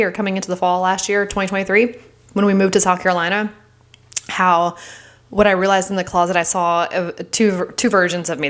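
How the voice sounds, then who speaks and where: A middle-aged woman with a somewhat low voice speaks earnestly into a close podcast mic. She rambles openly through a personal reflection, leaning on "like" as she goes. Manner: earnest and open, rambling with many "like"s. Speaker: podcast host.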